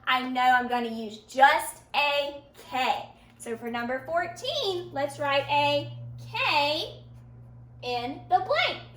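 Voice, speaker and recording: A woman teaching a phonics lesson to children, sounding out words slowly and praising her pupils. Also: sits high, bright, forceful tone. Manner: slow, stretched-out sounding of words, encouraging praise. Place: room with a board. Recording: echoey room, voice from a distance.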